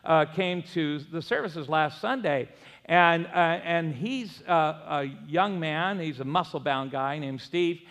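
A man's voice: fairly high pitch, unhurried, fairly bright tone, big-room sound. An older man preaching a sermon as pastor, telling folksy stories with self-deprecating humor. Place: church sanctuary.

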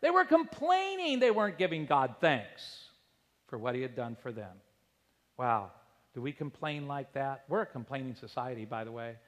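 A middle-aged man preaching a sermon in a church, lively and animated, acting out quoted voices as he goes. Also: medium pitch, normal speed. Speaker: pastor. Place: church sanctuary. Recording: long hall reverb.

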